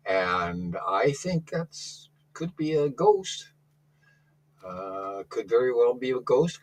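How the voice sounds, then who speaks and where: A man's voice: fairly low pitch, fairly bright tone, breathy edge, rough recording. A man calling in to a talk show, telling a rambling story in a casual way, often restarting his sentences. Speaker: caller.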